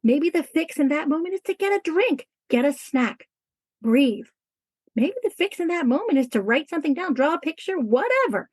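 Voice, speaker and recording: Her voice is high and animated, at a moderate pace with a darkish tone, and there's no room sound. She's a teacher giving a conversational interview as a guest, earnest and emphatic, and she acts out classroom exchanges.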